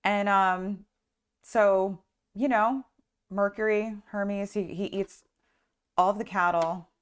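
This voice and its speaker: A woman's voice: medium pitch, fairly even intonation, takes it slowly, clear, resonant tone. Chatty woman retelling a myth. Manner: chatty, lots of "like" and "um". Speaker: astrology and tarot teacher. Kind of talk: casual storytelling lesson.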